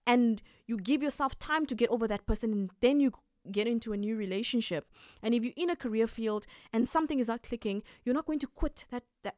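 A young woman hosting a podcast, giving calm, emphatic advice and laughing often. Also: a little high, dry recording, clean studio sound. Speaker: podcast host.

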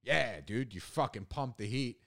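A young man co-hosting a loose, casual podcast. He rambles through his points with constant fillers and restarts, peppering them with swearing. His pitch sits in an ordinary middle range for a man. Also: lively intonation, normal speed, gravelly, fairly bright tone. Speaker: podcast co-host. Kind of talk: casual chat.

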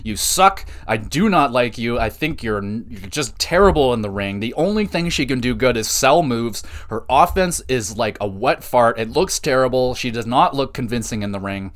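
A man hosts a podcast and recaps the week's wrestling in a loose, sarcastic voice. He swears freely and gets excitable. His pitch sits in the middle range. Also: normal speed, hardly any pauses. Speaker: podcast host.

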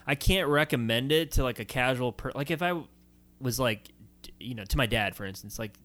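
A man's voice: mid-range voice, a bit bright. A male podcast co-host giving blunt opinions in casual chat, restarting sentences and leaning on "like". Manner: blunt, halting restarts, frequent "like".

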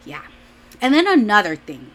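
A young woman vlogger chats casually with a bright, clear voice. She rambles, restarts her sentences and scatters "like" throughout, laughing often as she goes. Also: medium pitch, huge pitch swings, normal speed. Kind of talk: casual chat.

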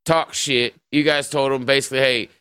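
Male stream host, bright and smooth, loose profane rambler. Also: medium pitch, moderate pace, no echo. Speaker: podcast host. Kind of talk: casual livestream conversation.

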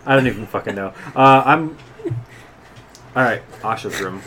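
A tabletop player talks with a lively, swinging voice, swearing freely and cracking exasperated jokes. A faint hiss sits under the recording. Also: mid-range voice, normal speed. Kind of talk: playing a tabletop game.

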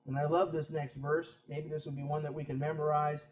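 A pastor with a high-pitched male voice delivers a Bible teaching sermon, talking to his listeners in a conversational way and pressing his points with rhetorical questions. He sounds distant from the mic, and his voice rings around an echoey room. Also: flat delivery, a little fast.

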